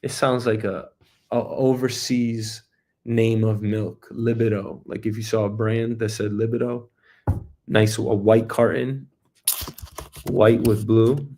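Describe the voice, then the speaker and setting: A man in his thirties hosting his own show, talking in a rambling, jokey monologue with swearing and sudden loud bursts. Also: lowish voice, little pitch movement, slow pace. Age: 30s. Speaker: host. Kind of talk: casual solo monologue.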